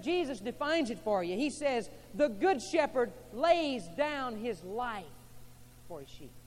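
High-pitched guy preaching, goes quiet then loud and fired up, big reverby hall. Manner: swings from soft, low passages to loud, fervent preaching. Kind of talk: sermon.

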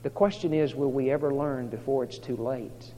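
A man preaching a sermon, telling a story dramatically as he swings from hushed to loud. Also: medium pitch, steady tone, normal speed. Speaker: pastor. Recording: reverberant hall, dull lo-fi sound.

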